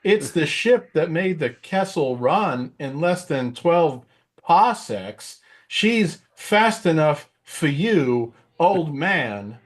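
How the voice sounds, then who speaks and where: A man doing a halting, deadpan impression of a space captain, slow and raised in pitch, with odd pauses. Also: exaggerated voice.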